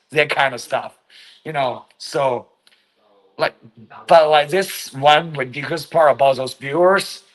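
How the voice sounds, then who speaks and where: A vlogger from China, a native Chinese speaker, talks casually in English with a slow, rambling delivery full of fillers and profanity. His voice is a little high with a fairly bright tone, and the recording quality is low.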